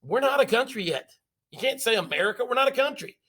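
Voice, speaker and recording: A man teaching a history class, telling the story in an animated, jokey way with sound effects. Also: extremely high pitch, quick pace.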